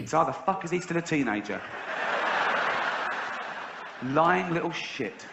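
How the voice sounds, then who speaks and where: A middle-aged English man doing a stand-up set, telling stories deadpan and then jumping into high shrieks to act out other people. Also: unhurried, vocal fry. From England. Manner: deadpan storytelling that bursts into high shrieks when acting out others. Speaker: stand-up comedian. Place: large theatre stage before a laughing audience. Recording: roomy hall with audience noise. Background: audience laughter.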